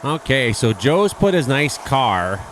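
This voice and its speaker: A man's voice: mid-range voice, big pitch swings, slow pace, fairly bright tone, a little hiss or hum. A man with a Canadian accent giving casual, sarcastic running commentary over a roadside video, swearing freely and using plenty of fillers. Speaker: host of a weather and video-review show.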